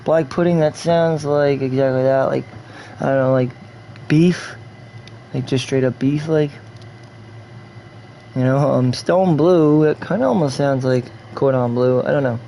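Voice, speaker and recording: A man's voice: mid-range voice, measured pace, gravelly, mellow, a little hiss or hum. A man streaming a video game, musing aloud in a loose, offhand way as he reads menu items and guesses at them. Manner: loose and offhand, with mild swearing. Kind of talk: casual gameplay commentary.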